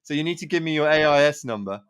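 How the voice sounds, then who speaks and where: A man's voice: a little high, expressive, fast, crowd noise. Chatty man hosting a podcast. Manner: chatty, swearing, laughs while telling stories. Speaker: podcast host. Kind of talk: casual chat.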